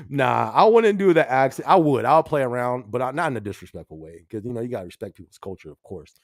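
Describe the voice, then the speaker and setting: A man's voice: medium pitch, very animated, fairly quick, a little mellow, dry recording, clean studio sound. A man hosting a casual live-stream podcast, chatting in slang, laughing often and repeating his phrases. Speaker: livestream podcast host.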